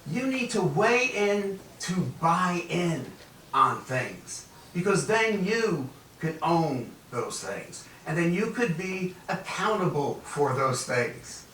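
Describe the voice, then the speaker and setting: A man's voice: high-pitched, takes it slowly, echoey room, recorded from a distance, a little hiss or hum, rough recording. A man from Newark, New Jersey, giving a motivational leadership keynote as guest speaker, telling stories and acting out dialogue. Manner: animated storyteller acting out dialogue.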